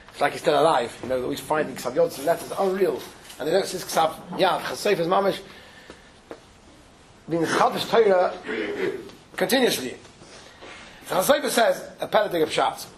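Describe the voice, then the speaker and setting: Through poor audio with a little hiss or hum, a high-pitched male rabbi delivers a casual Torah lecture. He talks conversationally, blends Yiddish and Hebrew words into his English, and performs the voices of figures in the stories he recounts.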